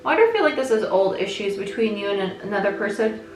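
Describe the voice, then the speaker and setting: A woman's voice: medium pitch, big pitch swings, fast, a little hiss or hum. Chatty woman tarot reader, echoey room. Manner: chatty, thinks aloud, frequent "right?" check-ins. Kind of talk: casual tarot reading. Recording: echoey room with faint music.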